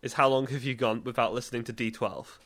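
A young man, co-hosting a podcast in casual chat, full of stammered restarts and quick laughs. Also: medium pitch, steady tone, fairly bright tone. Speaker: podcast co-host.

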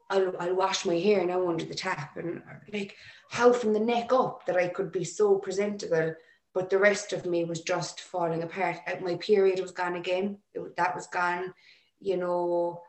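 A woman telling a personal story in an emotional, halting way with many restarts. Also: lowish voice. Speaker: interview guest. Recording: echoey room.

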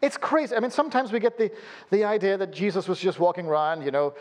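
A man preaching a sermon as a pastor, telling humorous stories and dropping suddenly to a low, quiet voice. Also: fast.

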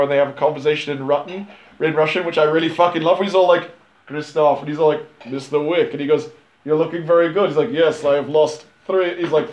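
A man with a slightly high voice retells a film to friends, swearing freely and jumping into the characters' lines. The recording is roomy and echoey. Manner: animated retelling with swearing and impressions. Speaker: podcast co-host recapping a film. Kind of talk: casual chat. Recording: roomy echo.

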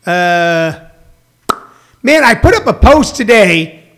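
A man with a rather high voice hosts his online show from Missouri. He rambles in a loose, casual way, pausing on filler sounds and greeting viewers by name as he talks. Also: big pitch swings, a bit bright. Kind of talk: casual live-stream chat.

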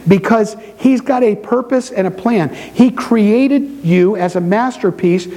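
Male pastor, high-pitched, animated preaching with storytelling asides. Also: measured pace, low-quality recording. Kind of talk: sermon. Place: church sanctuary before a congregation.

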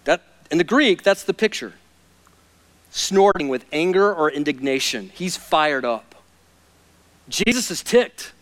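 A male pastor preaching a sermon, moving between hushed, intense passages and loud, fired-up ones. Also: fairly high pitch, animated, unhurried, long pauses.

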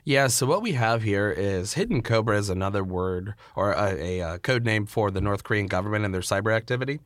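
A man with a fairly low voice, co-hosting a podcast and explaining technical topics in loose, relaxed chat. His speech is full of ums and uhs. The recording is dry and close. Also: fairly quick, no room sound. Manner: relaxed, explaining with many fillers. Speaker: podcast co-host, malware analyst.

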